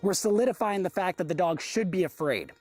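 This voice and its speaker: A woman's voice: lowish voice, animated, fairly quick, a little mellow, husky. A woman dog trainer teaching a group class, chatty, often acting out what the dog thinks. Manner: chatty, acts out the dog's side in dialogue.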